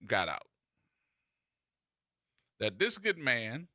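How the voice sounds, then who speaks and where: A man's voice: mid-range voice, sing-song, extremely slow, bright, forceful tone, no echo, studio quality. A man hosting a radio talk show, teasing and telling stories in a playful way.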